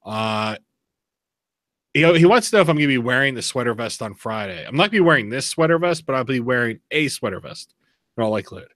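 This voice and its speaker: Animated bright-voiced man telling a story. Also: medium pitch, no echo. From Pennsylvania. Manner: animated storyteller, quick laughs. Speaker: podcast host. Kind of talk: casual chat.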